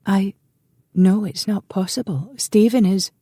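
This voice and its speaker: A man voicing a fierce, proud young Scottish woman laird, speaking higher and sharply pleading. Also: unhurried, mellow, breathy edge, dry recording, clean studio sound. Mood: flustered.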